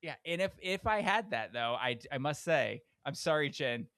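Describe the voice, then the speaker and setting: Bright-voiced man, halting podcast chat. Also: on the high side, very animated, dry recording. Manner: halting, restarts often, then laughs. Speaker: podcast co-host. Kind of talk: casual chat.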